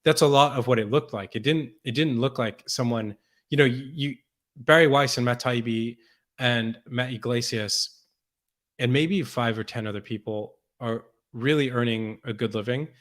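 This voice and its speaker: A man's voice: mid-range voice, normal speed. A man as a podcast guest, talking in a thoughtful, conversational way with many restarts and repeated words. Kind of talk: conversational interview.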